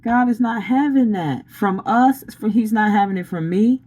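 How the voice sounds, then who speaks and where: A woman's voice: mid-range voice, moderate pace, warm tone, low-quality recording. Blunt, preachy woman tarot reader. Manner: blunt, preachy, laughs often, slangy. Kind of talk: casual spiritual pep talk.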